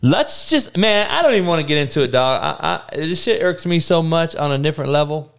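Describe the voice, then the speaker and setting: A man ranting casually to his viewers, heated and profane, with slangy talk and stuttered restarts, dropping to low mutters and then bursting out loud. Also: expressive, brisk, clear, resonant tone. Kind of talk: casual profane rant to camera.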